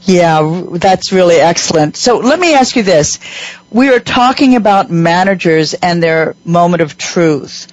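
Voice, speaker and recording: A woman hosting a radio talk show, telling a workplace story with lively acted-out dialogue. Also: on the low side, unhurried, dry recording, lo-fi sound. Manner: animated storyteller, acts out quoted voices.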